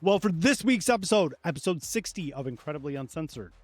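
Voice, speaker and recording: A man, co-hosting a podcast in crude, profane banter. His voice sits a little high for a man, close and dry on the mic. He tells stories with loud, animated energy. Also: a little fast, no echo. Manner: profane, joking, animated storytelling. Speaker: podcast co-host. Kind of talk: crude casual chat.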